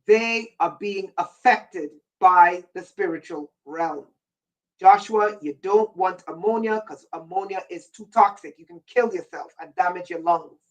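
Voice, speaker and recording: A woman's voice: lowish voice, unhurried, far from the mic, poor audio. A woman hosting a livestream, delivering a rambling, intense monologue in a warning tone and answering viewers' chat comments by name. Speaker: livestream host.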